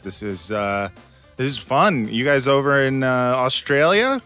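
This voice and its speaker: A man's voice: mid-range voice, animated, unhurried, pushed and bright, faint music behind. An American man, a guest comedian in casual podcast chat, talking in a jokey, wry way with laughing asides. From United States.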